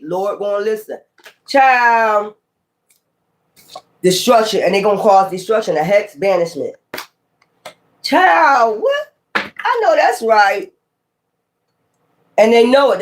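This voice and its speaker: Animated, profane tarot reader. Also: mid-range voice. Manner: animated, profane, calls listener child. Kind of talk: casual tarot reading.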